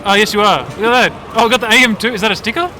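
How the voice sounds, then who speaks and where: A man's voice: high-pitched, very fast, pushed and bright. A chatty man commentating a fighting game tournament stream in an upbeat way. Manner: upbeat, chatty, laughs often. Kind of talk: casual live commentary. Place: gaming tournament venue. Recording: noisy event room.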